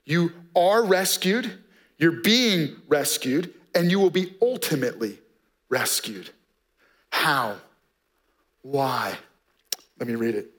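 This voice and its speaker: A man preaching a sermon, slow and emphatic, often dropping softly on key words. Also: on the high side, lively intonation. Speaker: pastor.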